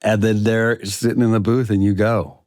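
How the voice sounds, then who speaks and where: A male actor in a casual interview, telling stories with lively acted-out dialogue. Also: on the low side, moderate pace, dry recording, studio quality. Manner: animated storyteller, acts out quoted dialogue. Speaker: actor guest.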